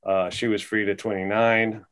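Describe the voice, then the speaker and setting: A man's voice: fairly low pitch, little pitch movement, moderate pace, a bit bright. A man guest on a podcast, telling a long story casually with many fillers and restarts.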